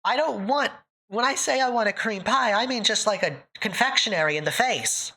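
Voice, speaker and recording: A woman talks casually to her live stream audience, thanking viewers by name. Her voice is bright and swings widely in pitch. She sounds emotional and close to tears, and laughs often. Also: lively intonation, normal speed.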